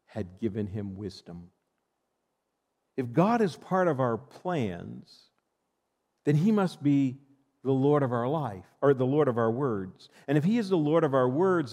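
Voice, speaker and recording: A man's voice: medium pitch, darkish tone. A male pastor preaching a sermon, reading scripture and emphatically addressing the congregation, in a long church reverb.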